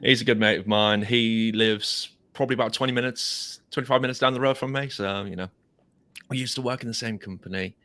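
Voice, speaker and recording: A man's voice: medium pitch, fairly even intonation, brisk, sharp tone. An English man hosting a casual podcast, chatty and self-deprecating, rambling a little as he talks. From England. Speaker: podcast host. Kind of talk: casual chat. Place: home studio in a converted garage.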